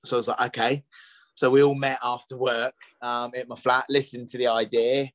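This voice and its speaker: A middle-aged man speaking at an ordinary pitch, recounting his past in a loose, rambling way and circling back with fillers as he goes. The recording is dry and close, with almost no room sound. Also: little pitch movement, normal speed, a bit bright, no echo, poor audio. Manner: rambling, with many restarts and "you know" fillers. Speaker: chef and restaurateur, podcast guest. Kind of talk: casual storytelling interview.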